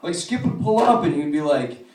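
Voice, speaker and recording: A man in his twenties doing a stand-up comedy set in a club, telling profane, animated stories with quick asides. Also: on the high side, echoey room, far from the mic, background noise.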